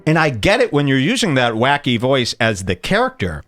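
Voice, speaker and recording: Mocking male host with a lively voice. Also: brisk, faint music behind. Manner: mocking, jumps into high impressions. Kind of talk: casual commentary show.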